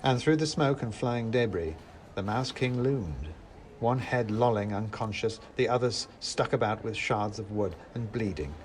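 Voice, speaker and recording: A man narrating a storybook with wry, expressive storytelling. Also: lowish voice, measured pace, a little hiss or hum.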